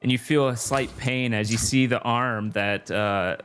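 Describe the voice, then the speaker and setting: A man's voice: mid-range voice, steady tone, a little slow, a bit bright, smooth. A man running a tabletop game as game master, hesitant and laughing often. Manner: hesitant, laughing, full of fillers.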